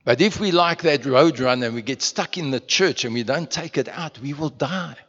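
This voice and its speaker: A man's voice: medium pitch, normal speed, a bit bright. Pastor, a South African man, conversational sermon with rhetorical questions, dull and echoey hall sound. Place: church. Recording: muffled sound in a reverberant church hall.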